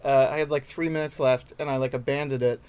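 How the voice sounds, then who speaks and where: A man who is a stand-up comedian, chatting casually on a podcast as a guest and telling stories at a quick clip. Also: mid-range voice, clear, resonant tone. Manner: fast talker; animated storyteller who acts out his own lines.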